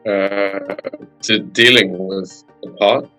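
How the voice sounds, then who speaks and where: Hesitant man in his forties, bright tone. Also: fairly low pitch, fairly even intonation, slow pace, faint music behind, poor audio. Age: 40s. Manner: hesitant, brief answers. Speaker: client. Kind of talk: coaching session.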